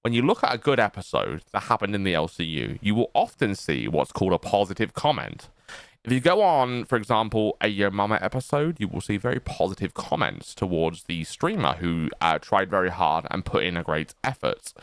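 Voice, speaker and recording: A man's voice: deep voice, big pitch swings, fairly quick, no room sound. A tipsy man streaming, sarcastic and swearing as he rambles. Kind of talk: rambling livestream commentary.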